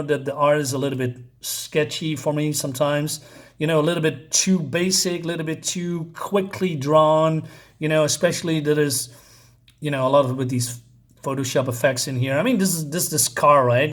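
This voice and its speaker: A man's voice: on the high side, moderate pace, a bit bright. A man giving a casual, rambling spoken comic book review, full of fillers and restarts.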